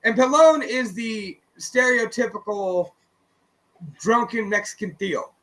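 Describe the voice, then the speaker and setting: High, bright-voiced storytelling man. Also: slow, rough recording. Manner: animated storyteller who acts out friends' lines; swears casually, many fillers. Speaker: radio show co-host. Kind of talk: casual storytelling chat.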